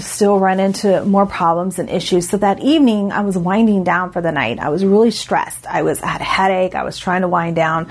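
Woman, breathy husky voice, storytelling to a congregation, acts out her reactions. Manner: animated storyteller, acts out her own reactions with big pitch jumps. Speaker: speaker at a religious gathering.

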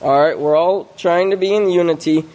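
A man preaching slowly through a scripture study, reading verses aloud and pausing on word meanings with fillers and restarts. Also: fairly high pitch, a little mellow. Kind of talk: slow scripture study sermon.

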